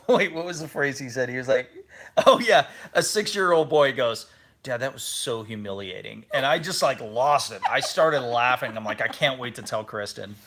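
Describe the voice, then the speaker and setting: A man in his thirties, co-hosting a casual family travel chat and telling stories with lively acted-out quotes. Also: mid-range voice, moderate pace. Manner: animated storytelling, acts out quotes. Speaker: podcast co-host.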